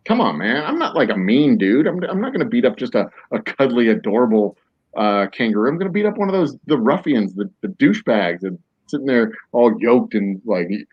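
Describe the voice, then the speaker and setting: A man's voice: mid-range voice, sing-song, a little fast, husky. A man hosting a podcast in casual chat, rambling through jokey, mock-serious tangents. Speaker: podcast host. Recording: dull lo-fi, dry.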